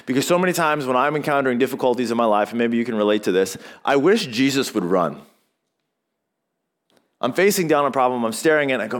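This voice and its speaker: A man's voice: mid-range voice, quick pace. A male pastor delivering a sermon in a conversational way, asking rhetorical questions and acting out short quotes.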